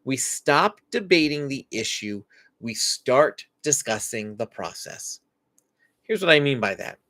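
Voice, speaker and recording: A man hosting a live parenting Q&A stream, explaining in an animated way and acting out what parents and kids say. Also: mid-range voice, a little slow, dry recording. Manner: animated, acts out parent and child quotes. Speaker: parenting show host.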